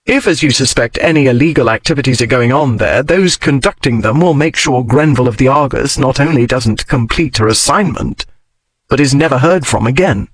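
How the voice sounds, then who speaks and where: A man's voice: mid-range voice, a little fast, natural voice. A man narrating an audiobook, voicing a sardonic, teasing aristocratic duke in a dry, mocking tone. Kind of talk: audiobook character voice.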